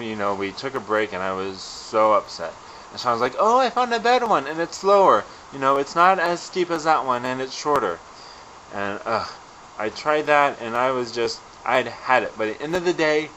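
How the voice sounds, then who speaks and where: A young adult man casually telling a self-deprecating story in a vlog, animated and chatty. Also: medium pitch, a little hiss or hum, low-quality recording. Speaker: vlogger.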